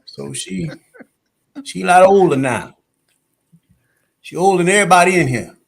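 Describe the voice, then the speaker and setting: A man putting on the voice of a Southern woman comedian who tells a church story with a slow, drawn-out Southern accent. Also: high voice, creaky, slightly rough, full character voice. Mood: drawling.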